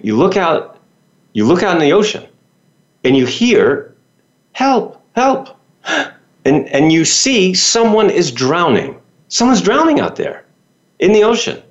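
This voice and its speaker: Male business coach, animated pitch, motivational talk, rhetorical questions, slightly dull lo-fi sound. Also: moderate pace. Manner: lively, rhetorical questions, folksy.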